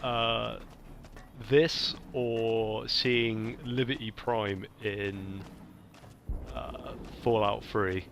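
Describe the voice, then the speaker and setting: A man's voice: lowish voice, little pitch movement, drawn-out words, gravelly, fairly bright tone, a little hiss or hum. A man, casually commenting on his gameplay with playful asides. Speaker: let's play host.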